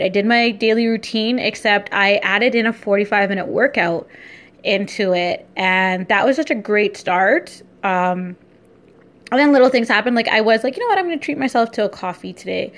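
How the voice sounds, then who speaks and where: A young woman vlogger and entrepreneur talking casually in a daily vlog, upbeat, chatty and easily excited. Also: mid-range voice, normal speed.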